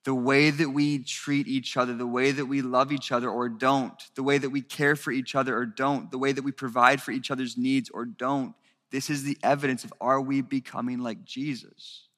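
At medium pitch and a moderate pace, a man preaches in a reverberant hall with little pitch movement and a slightly bright tone. He speaks earnestly to his church, building to greater intensity.

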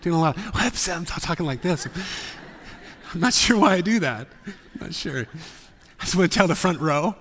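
A man preaching a sermon, swinging from full voice down to hushed whispers. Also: fairly high pitch, fairly quick, big-room sound. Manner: dramatic, drops often to a whisper. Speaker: pastor. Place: church sanctuary.

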